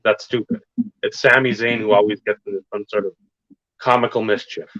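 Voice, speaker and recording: A low-voiced man talks loosely on a podcast, swearing freely and hammering his points home. The recording is dull and lo-fi. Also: fairly even intonation, brisk, a bit bright, no echo. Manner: profane, rambling, emphatic wrestling fan talk. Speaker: podcast co-host. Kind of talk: casual podcast chat. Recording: dull lo-fi sound.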